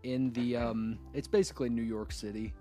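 Podcast co-host over guitar music. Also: male voice, mid-range voice, steady tone, moderate pace, dark tone. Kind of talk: casual chat recapping a video game.

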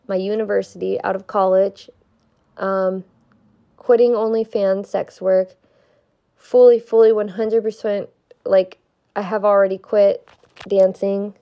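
A woman's voice: medium pitch, creaky, dark tone, dull audio. A young woman with a stuffy nose giving an earnest, heartfelt spiritual pep talk to her viewers, swearing now and then for emphasis. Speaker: vlogger.

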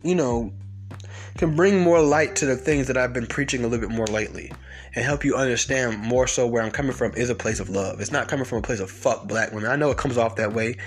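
In a mid-range voice and at a fast pace, a man hosting a podcast goes off on a confrontational rant. The monologue is heated and full of profanity.

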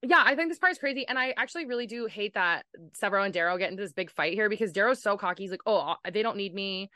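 A woman hosting a casual book podcast, talking in an animated way, swearing freely and acting out lines from the characters over a remote call mic. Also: mid-range voice, very fast, dry recording, clean studio sound. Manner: animated, swears a lot, acts out character quotes. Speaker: podcast host. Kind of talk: casual book discussion chat. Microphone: remote call microphone.

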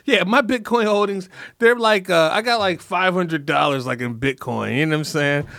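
A man's voice: high-pitched, normal speed, creaky, fairly bright tone, dry recording, clean studio sound. A man hosting a comedy podcast, ranting in a rambling, profane way and mock-scolding world leaders. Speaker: podcast host.

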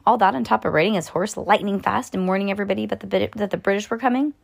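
A woman voicing an eager, excitable young girl in a storybook read aloud. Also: mid-range voice, racing, gravelly. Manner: eager, exclamatory.

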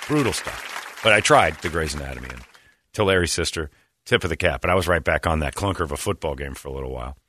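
A man hosting a talk show, telling stories in casual, animated chat. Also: rumbling low, fast talker, some chatter behind. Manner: animated, self-amused storyteller who slips into quoted voices. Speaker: radio show host.

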